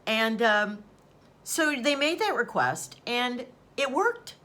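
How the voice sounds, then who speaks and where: A woman's voice: fairly high pitch, very animated, takes it slowly, bright, forceful tone. A woman host chatting casually as she retells a story, acting out quoted dialogue along the way. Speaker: channel host.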